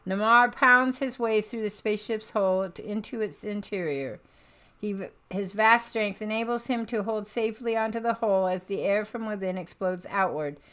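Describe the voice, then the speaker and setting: A woman's voice: medium pitch, moderate pace, fairly bright tone. A woman streamer reading a comic book aloud, narrating with small stumbles and self-corrections.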